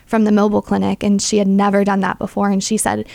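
A woman's voice: medium pitch, monotone, quick pace, vocal fry, a little mellow, no echo. A young adult woman sharing a personal faith testimony as an interview guest, earnest and full of "like" fillers.

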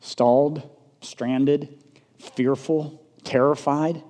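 A man preaching a sermon, swinging from loud emphatic peaks down to soft low asides and asking the congregation rhetorical questions. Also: steady tone, very slow. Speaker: pastor. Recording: long reverb of a large hall.

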